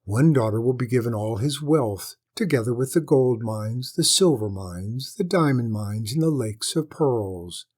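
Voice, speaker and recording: A man voicing a sly, knowing male court jester in a storybook reading, with a courtly, measured manner. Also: medium pitch, expressive, darkish tone, slightly rough.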